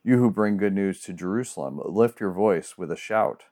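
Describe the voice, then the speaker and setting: A man's voice: deep voice, moderate pace, warm tone. A man serving as a church pastor, reading scripture and giving a sermon in an earnest, conversational way. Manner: earnest, conversational with restarts when preaching.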